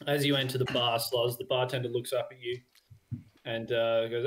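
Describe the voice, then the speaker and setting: A man's voice: mid-range voice, level tone. Guy dm'ing a tabletop game over a call, laid back, lots of ums. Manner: casual, filler-heavy, quick bursts. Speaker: game master.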